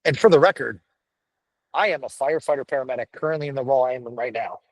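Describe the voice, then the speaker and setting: A gruff middle-aged man speaking as a firefighter guest in a casual chat, blunt and profane, telling stories with energy. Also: mid-range voice, fast, no room sound, low-quality recording. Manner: blunt, profane, animated storytelling. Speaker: podcast guest, firefighter paramedic.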